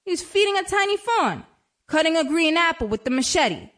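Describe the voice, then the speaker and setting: Woman, high voice, very lively pitch, chatty, wry, conversational storytelling. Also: a little fast. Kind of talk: dramatic storytelling monologue.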